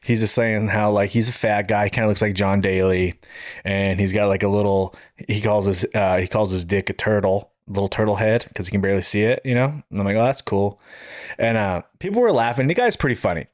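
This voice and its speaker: A man's voice: on the low side, brisk, no echo, studio quality. A man co-hosting a podcast, telling a funny night-out story in casual chat, acting out quotes and laughing as he goes. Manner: animated, laughs while telling stories, acts out quotes. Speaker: podcast co-host.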